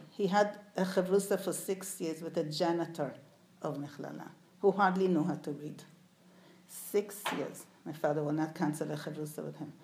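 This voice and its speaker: A woman's voice: sits low, a little mellow, slight background noise. A woman speaking to a live audience, sharing stories about her father and putting questions to the listeners. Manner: storytelling, puts questions to the audience. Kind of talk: anecdotal talk to a live audience. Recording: echoey room.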